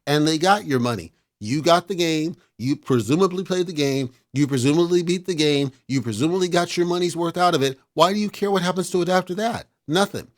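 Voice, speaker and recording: A man's voice: a little high, animated, fairly quick, hardly any pauses. A man hosting a casual talk show, giving blunt, exasperated opinions in a lecturing rant.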